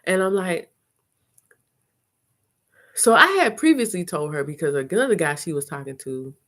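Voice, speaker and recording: A middle-aged woman hosting a live chat, telling stories in a frank, animated way and acting out her own reactions. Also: on the low side, moderate pace. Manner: frank and salty, with slangy talk. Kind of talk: casual live-stream storytelling.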